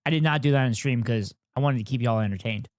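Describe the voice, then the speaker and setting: A man's voice: medium pitch, fast talker. A man live-streaming in a casual, joking way, bantering and teasing with his chat as host.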